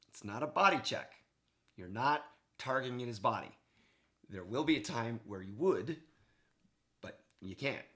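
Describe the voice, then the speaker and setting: A male hockey coach talks through game film in an easy, excited voice-over. He keeps it casual and checks in often with "okay" and "right". His pitch sits in an ordinary middle range. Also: a little slow, long pauses. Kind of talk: video game analysis for a player.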